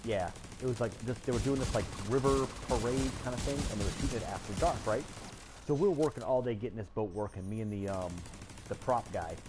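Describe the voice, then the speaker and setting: A man chatting casually while he plays a game, rambling through stories and jumping into animated voices for the people he quotes. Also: on the low side, brisk, noisy background. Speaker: gaming streamer. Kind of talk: casual chat while gaming.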